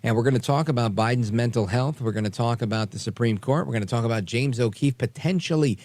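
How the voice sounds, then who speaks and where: A man's voice: mid-range voice, fast, no room sound. A man hosting a talk radio show, talking sarcastically and mocking the people he quotes. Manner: sarcastic, animated, mocks quoted voices.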